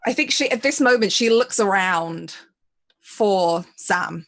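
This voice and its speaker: A woman taking part in a tabletop role-playing game who narrates what her character feels in a loose, casual way. She sprinkles her sentences with "like" as she works out each moment. Her voice sits at a middle pitch. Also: animated, takes it slowly, a bit bright. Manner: describes her character's feelings, hedging with "like". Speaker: player.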